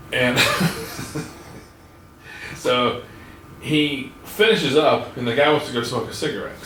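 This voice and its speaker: A man's voice: medium pitch, a bit bright, echoey room, distant mic, slight background noise. A man hosting a podcast, telling a rambling, profane story and laughing along the way. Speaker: podcast host. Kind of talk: casual storytelling.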